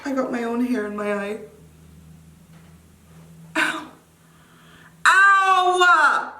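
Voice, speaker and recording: A woman's voice: a little high, fairly even intonation, slow, fairly bright tone, slight background noise. A woman chatting casually to camera at home, nervous and giggly, often exclaiming. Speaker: beauty vlogger. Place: room at home. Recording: echoey room, mic a bit distant.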